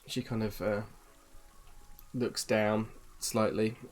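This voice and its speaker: Slow, halting man running a tabletop game. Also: lowish voice, a little hiss or hum. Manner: relaxed, halting, lots of ums. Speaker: dungeon master.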